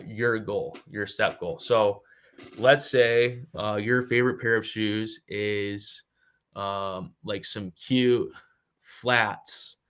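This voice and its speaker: A man with a fairly low voice talks through a product in a relaxed, explanatory way. He is a podcast co-host who often pauses on "uh" and "um" while he builds his point. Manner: explanatory, many "uh" and "um" fillers. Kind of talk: casual explanatory chat.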